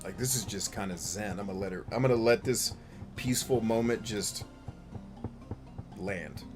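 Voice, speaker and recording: A man streaming a video game, riffing in a joking, profane, animated way. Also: fairly low pitch, normal speed, music in the background. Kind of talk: casual let's-play commentary.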